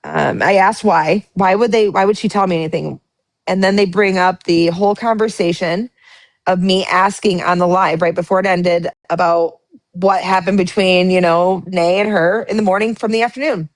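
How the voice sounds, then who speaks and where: A woman's voice: on the low side, steady tone, normal speed, dry recording. A woman hosting a live stream, telling a story casually, full of fillers, restarts and swearing. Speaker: livestream host. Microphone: phone or webcam on a live stream.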